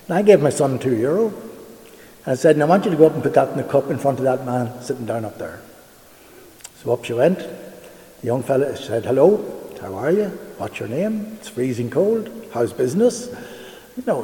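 A man's voice: mid-range voice, warm tone. A man giving an earnest public talk, telling stories and asking rhetorical questions. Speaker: homeless charity director giving a talk. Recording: echoey hall with long reverb.

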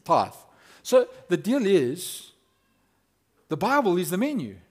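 A man preaching a lively, conversational sermon as a pastor, acting out quotes. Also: high voice, slow pace.

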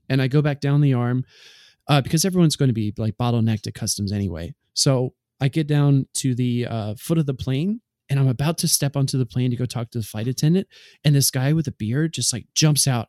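A podcast co-host with a mid-range, slightly mellow voice talks a little fast, spinning a long anecdote in casual chat packed with fillers. The recording is dry, with clean studio sound.

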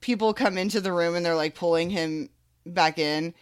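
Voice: medium pitch, normal speed, clean tone. Podcast cohost rambling, lots of likes and ums, casual chat. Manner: rambling, filler-heavy storytelling. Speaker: podcast co-host.

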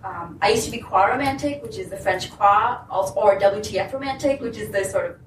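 A woman's voice: mid-range voice, fairly quick, a little hiss or hum. Distant hesitant woman in the audience. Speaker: audience member. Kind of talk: audience comment at a panel. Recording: echoey room, distant from the mic.

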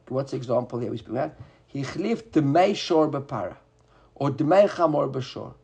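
Gravelly, husky man teaching Talmud. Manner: animated, often rising high to act out buyer and seller. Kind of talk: Talmud class lecture.

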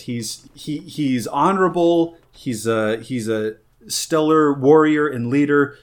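A man co-hosting a podcast, agreeing readily and chatting casually. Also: medium pitch. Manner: agreeable, affirming. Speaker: podcast co-host. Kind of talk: casual chat.

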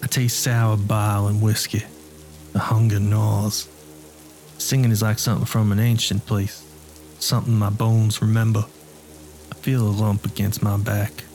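A man reading a first-person horror story in a quiet, measured way. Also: fairly low pitch. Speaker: narrator. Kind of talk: scripted horror story narration.

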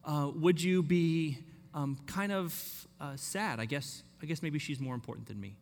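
A man's voice: fairly high pitch, measured pace, creaky. Conversational male pastor in a reverberant hall. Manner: conversational, acts out quoted voices. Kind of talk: sermon.

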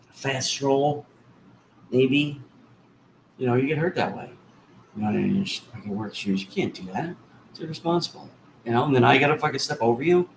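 A man's voice: medium pitch, expressive, normal speed, creaky, long pauses, slight background noise, low-quality recording. A man co-hosting a casual podcast, trading sarcastic, profane wisecracks. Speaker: podcast co-host. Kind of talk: casual chat.

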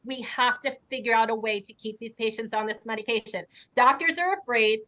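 A woman's voice: a little high, brisk, pushed and bright. Urgent, indignant woman advocate. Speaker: patient advocate guest. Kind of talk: heated interview talk.

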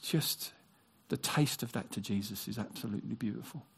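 A man preaching a sermon, animated, acting out quoted voices and dropping into hushed, near-whispered passages. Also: fairly low pitch, a little fast, slightly rough. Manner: animated, acts out quoted voices, drops to a hush.

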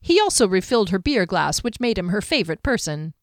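A woman narrating a fantasy audiobook in a measured, even storytelling manner. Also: medium pitch, dry recording, clean studio sound.

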